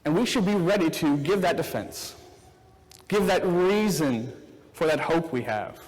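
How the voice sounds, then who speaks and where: A man in his thirties, a preacher, delivers a casual, chatty sermon in a church hall, retelling a film scene with acted-out quotes before turning to scripture. His voice is on the high side, animated and a little slow, and the recording carries the reverb of the hall.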